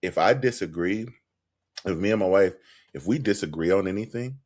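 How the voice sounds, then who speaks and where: Calm man with a very deep voice. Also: normal speed. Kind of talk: casual podcast conversation.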